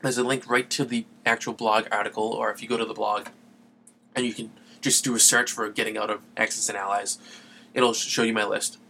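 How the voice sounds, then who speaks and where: A man's voice: on the low side, flat delivery, fairly quick, vocal fry, pushed and bright, slight background noise. A man hosting a gaming podcast, talking in a loose, chatty way with lots of fillers. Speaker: podcast host. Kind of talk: casual solo podcast talk.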